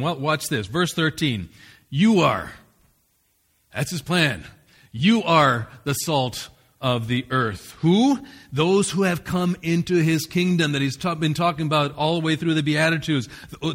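A man delivers a sermon as pastor, his voice sitting a little higher than most men's. He preaches in an earnest, emphatic way, pressing his points and sometimes restarting a phrase. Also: a bit bright.

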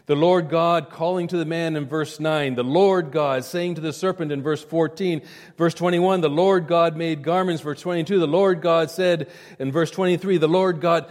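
A man's voice: a little high, darkish tone. Emphatic preaching man in a hall. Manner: emphatic, repetitive preaching, direct address to listeners. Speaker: pastor. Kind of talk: sermon.

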